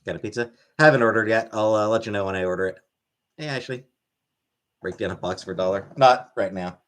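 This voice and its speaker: A man's voice: fairly low pitch, brisk, a bit bright. A man hosting a casual livestream from home, rambling as he reads chat comments and thanks viewers by name. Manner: rambling, thanks chatters by name, baby-talks to his pet. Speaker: livestream host.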